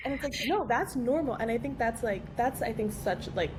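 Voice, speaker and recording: A woman physical therapist chatting as a podcast guest, speaking in quick run-on sentences full of "like". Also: on the high side, expressive, over a noisy crowd. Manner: fast, filler-heavy, frequent "like". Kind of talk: casual podcast chat. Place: podcast studio. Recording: background noise.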